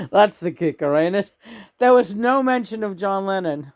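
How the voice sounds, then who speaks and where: A woman telling a personal story in a casual, chatty way, emotional and quick to laugh. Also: medium pitch, animated, a little mellow. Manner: chatty and emotional, laughs often, many restarts. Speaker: channel and vlogger.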